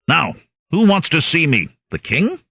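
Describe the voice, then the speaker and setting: A man voicing a gruff, blustering impostor noble with a thick put-on foreign accent. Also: fairly high pitch, wildly swooping pitch, a little slow, dry recording, muffled recording, pitched above the performer's own voice, heavily acted. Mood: growling. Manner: growling, blustering.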